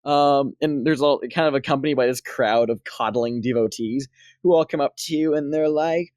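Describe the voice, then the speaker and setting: A woman's voice: very deep voice, moderate pace, darkish tone, no room sound, studio quality. A woman narrating a tabletop game as dungeon master, rambling with many fillers.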